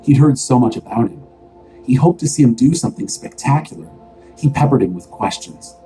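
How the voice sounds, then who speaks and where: A man reading scripture aloud as an expressive, steadily told story, with faint music behind. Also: mid-range voice, fairly quick, poor audio. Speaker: scripture reader.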